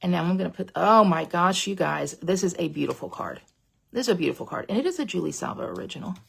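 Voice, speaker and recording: A woman's voice: on the low side, racing, creaky, breathy edge. A middle-aged woman teaching a live card-making class by webcam, chatty and rambling, sometimes dropping to a whisper. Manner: chatty and rambling, drops to a whisper when excited. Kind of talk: live online crafting class. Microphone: webcam at a craft desk.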